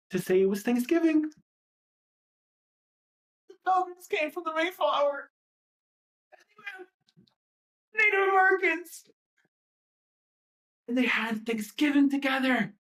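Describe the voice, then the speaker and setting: With a mid-range, somewhat dark-toned voice, a livestream host unleashes a heated rant. It's profane and impassioned, driven by a string of repeated rhetorical questions.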